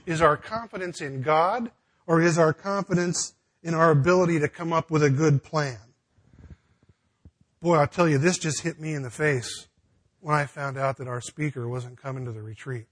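A man's voice: on the high side, husky. A man preaching a sermon in a conversational, folksy way, with frequent restarts and casual asides. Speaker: pastor.

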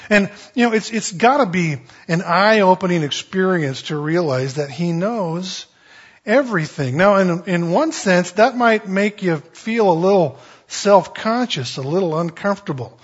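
A male pastor preaches in a folksy, conversational way and tells stories with animation. His voice is husky and slightly high. The recording is dull and lo-fi. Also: animated, measured pace. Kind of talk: sermon.

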